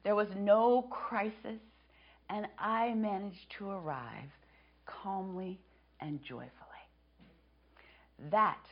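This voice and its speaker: A woman in her fifties giving a sermon as a guest preacher in a church, speaking softly and reflectively and dropping to a whisper on key phrases. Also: medium pitch, slow, long pauses. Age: 50s. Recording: dull lo-fi sermon recording.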